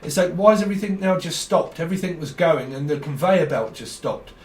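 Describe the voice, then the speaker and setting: A man giving a rambling tarot reading, talking fast, jumping between ideas and laughing often. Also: fairly high pitch, expressive. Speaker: tarot reader. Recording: roomy sound from a distant mic.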